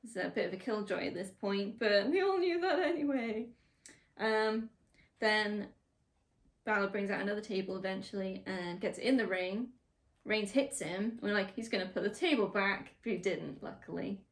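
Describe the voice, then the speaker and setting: Woman co-host, giggly, chatty, mid pitched. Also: moderate pace. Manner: giggly, laughs often. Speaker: podcast co-host. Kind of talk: casual chat reacting to wrestling.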